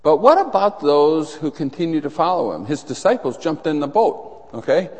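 Animated preacher man in a reverberant hall. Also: on the high side, moderate pace. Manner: animated storytelling, acts out voices in anecdotes. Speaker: pastor. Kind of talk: sermon. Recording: long reverb in a large hall.

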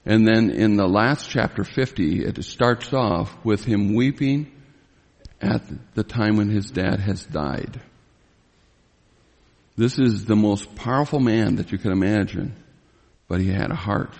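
A man teaching through a Bible passage as a sermon, emphatic and rising in pitch when he retells the drama of a scene. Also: measured pace, darkish tone. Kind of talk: expository sermon. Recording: long reverb of a large hall.

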